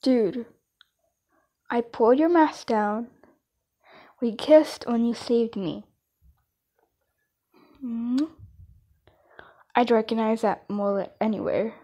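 A woman's voice: on the high side, slow, pauses often, mellow. A woman voicing a teasing, confident young man in a fan comic dub.

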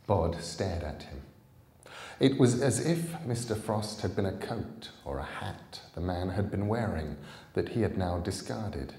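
A man reads a novel aloud in a calm, deliberate way. His voice is deep and unhurried. It rings in a roomy, echoing space. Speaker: storybook reader. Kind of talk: audiobook reading of a novel.

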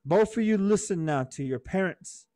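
A man's voice: high-pitched, lively intonation, normal speed, warm tone, no room sound, studio quality. A man voicing Horn Toad, a wise old helper. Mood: stern. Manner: firm fatherly lecturing.

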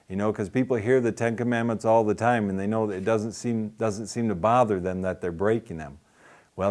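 Man, evangelism teacher, earnest, plain-spoken, repeats phrases for emphasis, low voice. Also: a little mellow. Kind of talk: teaching with a retold anecdote.

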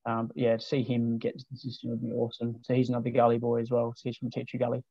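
A relaxed Australian man in his late teens talks casually as a podcast guest, hesitating and restarting often. His voice stays mostly level, with little rise or fall. The recording is dry and a little dull, like a lo-fi capture. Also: medium pitch, racing, dry recording. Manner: laid-back, many ums and restarts. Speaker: guest, junior footballer. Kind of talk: casual interview chat.

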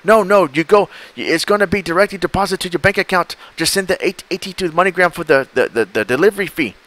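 A man's voice: high-pitched, quick pace, fairly bright tone, pitched above the performer's own voice. A man voicing an angry male phone scammer who barks insults and impatient orders. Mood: furious.

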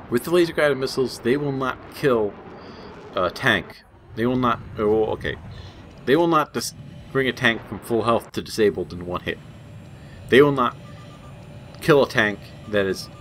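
A man's voice: medium pitch, fairly bright tone, a little hiss or hum. A young man giving casual gameplay commentary, rambling and jokey, laughing at his own asides. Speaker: gaming channel host.

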